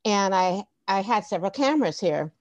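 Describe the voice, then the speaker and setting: Middle-aged woman, podcast guest, chatty storyteller, lively laughs, dry close sound. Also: mid-range voice, moderate pace, dry recording, dull audio. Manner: animated, laughing storyteller with many restarts. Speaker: podcast guest, former teacher and tech coach. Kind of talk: casual storytelling interview.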